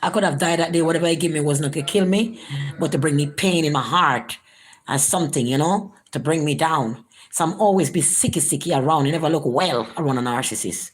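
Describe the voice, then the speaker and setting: Low-voiced woman telling a story. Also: a little fast, breathy edge. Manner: animated, acts out quoted voices, rising pitch for quotes. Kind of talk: casual storytelling vlog.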